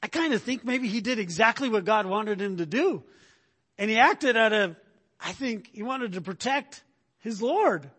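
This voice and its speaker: A man delivering a sermon in a high, husky voice, talking conversationally and tossing in frequent rhetorical questions. His words ring out with a long reverb, as in a big hall. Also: lively intonation, normal speed, fairly bright tone. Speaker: pastor.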